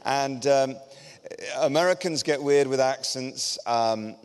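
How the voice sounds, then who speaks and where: A man's voice: mid-range voice, slow pace, clear, resonant tone. English man preaching in a reverberant hall. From England. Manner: self-deprecating, joking and energetic. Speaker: guest preacher. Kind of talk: sermon. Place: large church auditorium. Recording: long church hall reverb.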